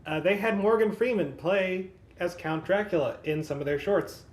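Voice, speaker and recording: A podcast co-host in casual chat, calmly explaining plots in detail. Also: medium pitch, moderate pace, roomy sound.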